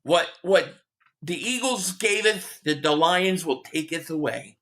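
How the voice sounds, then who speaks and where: A man's voice: on the high side, lively intonation, a little slow, fairly bright tone. A man hosting a live sports reaction stream, trash-talking and sarcastic as he chats with viewers.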